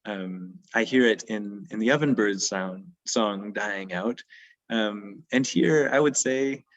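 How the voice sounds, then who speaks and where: A man's voice: fairly low pitch, takes it slowly, highs cut off. A man leading a poetry and birdsong session, talking thoughtfully with frequent hesitations. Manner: thoughtful, hesitant, many ums. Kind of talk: discussing poetry.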